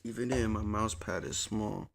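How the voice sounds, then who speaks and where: A man streaming from a small home desk, chatting to viewers in a slangy, profane, rambling way into a desk mic, sometimes yelling at a friend. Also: lowish voice, steady tone, moderate pace, vocal fry, slight background noise. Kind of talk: casual live-stream chat. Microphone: desk mic on a soundboard.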